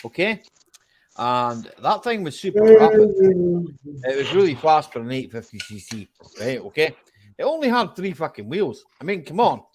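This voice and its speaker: A man's voice: a little high, very animated, moderate pace, crowd noise. Chatty swearing stream host man. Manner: chatty, swears, says "aye" a lot. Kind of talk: casual chat.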